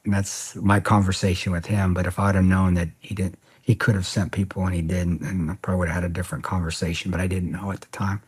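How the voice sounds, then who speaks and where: Middle-aged male guest, low husky voice, blunt and profane, rambles through restarts. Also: little pitch movement, fast, hardly any pauses. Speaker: podcast guest. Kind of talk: casual storytelling interview.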